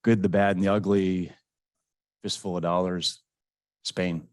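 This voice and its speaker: Low-voiced man co-hosting a webinar. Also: a little slow, no echo, studio quality. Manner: relaxed, joking, with many fillers and restarts. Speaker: webinar co-host. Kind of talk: casual chat opening a webinar. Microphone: video call.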